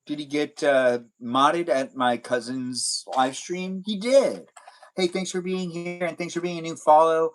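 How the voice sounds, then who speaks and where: A man's voice: a little high, unhurried, faint music behind, rough recording. A man hosting a casual live stream chat, rambling and circling back to his own catchphrases.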